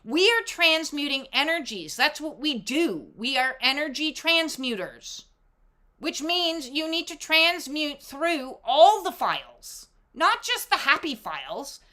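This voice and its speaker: A woman's voice: high-pitched, big pitch swings, slow pace, sharp tone. A woman doing a casual oracle card reading, talking emphatically with lots of fillers and casual swearing. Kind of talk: casual spiritual talk to camera.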